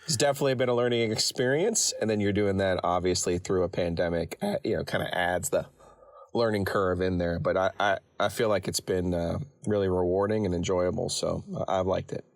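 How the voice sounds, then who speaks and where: Male guest, low voice, relaxed and thinking aloud, dry close sound. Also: fairly quick, creaky, no echo. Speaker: guest, sports journalist and radio personality. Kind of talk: casual interview talk.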